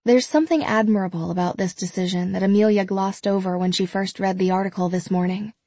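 A woman giving scripted audiobook narration in an even, measured storytelling manner, close to a studio mic. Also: medium pitch, no room sound.

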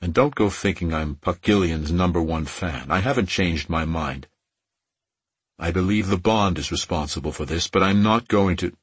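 A man doing a tender immortal lover, speaking softly and gently in a very low, husky voice. The sound is dry and close. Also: moderate pace, no room sound.

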